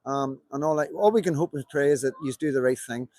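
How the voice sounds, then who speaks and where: A man's voice: mid-range voice, fast talker, darkish tone, no echo. A Northern Irish man giving a heated, rambling speech at a protest, swearing often. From Northern Ireland. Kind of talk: outdoor livestream speech.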